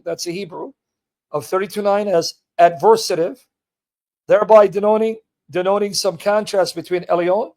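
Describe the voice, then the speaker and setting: A man hosting a livestream, reading a passage aloud and commenting on it with emphatic rhetorical questions to his viewers. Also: high-pitched. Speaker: host of a livestream. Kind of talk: live teaching and commentary, reading a text aloud.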